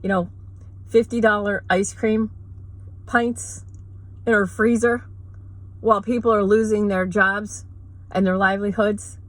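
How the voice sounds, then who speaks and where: A woman vlogger ranting sarcastically in a rambling, mocking way, with quick asides. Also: medium pitch, flat delivery, poor audio. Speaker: mother. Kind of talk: sarcastic comedic rant.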